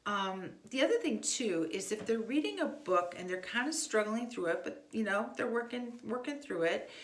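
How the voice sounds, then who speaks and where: A woman's voice: mid-range voice, fairly bright tone, roomy sound. Chatty woman giving parenting tips. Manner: conversational, frequent fillers and restarts. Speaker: homeschool teaching parent. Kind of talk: casual instructional talk.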